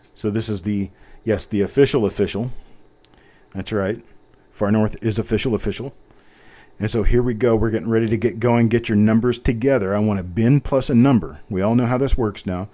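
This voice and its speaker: A man with a lowish, dark-toned voice hosts a live coin auction stream. He chats casually, pokes fun at himself, and reads out bidders' names as he types.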